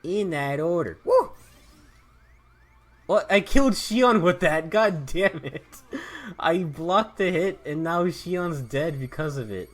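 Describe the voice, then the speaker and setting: Low-voiced joking woman gamer. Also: lively intonation, takes it slowly. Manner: joking, profane, laughs often. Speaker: gaming video host. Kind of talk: let's-play commentary.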